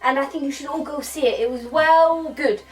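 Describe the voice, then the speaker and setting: A woman's voice: sits high, brisk, soft background music, poor audio. A woman doing a rambling, slangy comic film review.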